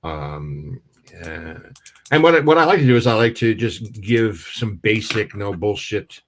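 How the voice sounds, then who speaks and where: A man's voice: lowish voice, lively intonation, measured pace, slight background noise. A middle-aged man, a comedian telling a joke and chatting casually with many fillers. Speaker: comedian guest. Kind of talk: casual storytelling chat.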